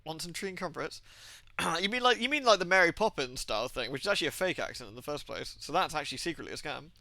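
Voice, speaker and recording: A young man with an accent that mixes Birmingham and Southwest England, joking loosely with chat as he plays. His voice is bright and bouncy, rising and falling a lot. The sound is dry and close. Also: a little high, sing-song, very fast, gravelly, no echo. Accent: mix of Birmingham and Southwest England. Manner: chatty, jokey, laughs often. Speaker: streamer. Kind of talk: casual gaming commentary.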